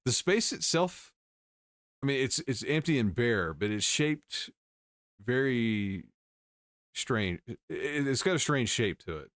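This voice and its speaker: A man's voice: medium pitch, sing-song, slow pace, a bit bright, no echo, clean studio sound. A male host casually reading and commenting on news stories, wry, with chuckling asides.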